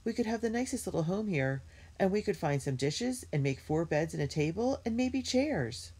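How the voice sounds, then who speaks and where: A woman's voice: fairly low pitch, expressive, moderate pace, darkish tone, husky, pitched above the performer's own voice. A woman reading a storybook aloud and voicing a caring older sister, a brave girl, in a raised, urgent voice. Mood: pleading. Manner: urgent and pleading.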